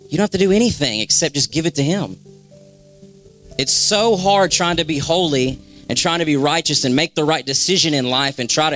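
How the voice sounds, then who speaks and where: In a church sanctuary, a young man from the congregation shares a word, delivering a spontaneous, fervent exhortation and repeating phrases for emphasis. His voice is medium in pitch with a fairly bright tone.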